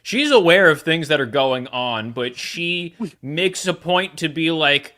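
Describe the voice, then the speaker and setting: A man's voice: fairly high pitch, animated, a little slow, pushed and bright. A man co-hosting a podcast, chiming in with points in casual chat. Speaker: podcast co-host.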